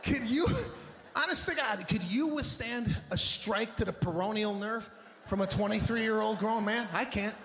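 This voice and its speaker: A male stand-up comedian doing a live routine, telling stories in an animated, exasperated way with big swings in voice. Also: high-pitched, moderate pace, slight background noise. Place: theater stage before a live audience. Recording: echoey live venue with long reverb.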